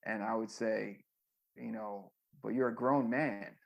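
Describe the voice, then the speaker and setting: A man's voice: on the low side, steady tone, unhurried, gravelly, muffled recording. A man, a former music manager, telling rambling stories with many fillers in a casual interview.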